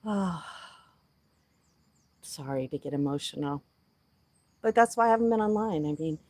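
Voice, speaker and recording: A woman's voice: deep voice, animated, normal speed, dry recording. A woman chatting casually and emotionally to a live audience while outdoors. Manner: emotional, heartfelt, talks softly to animals. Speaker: vlogger talking to a live audience. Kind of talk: casual livestream chat.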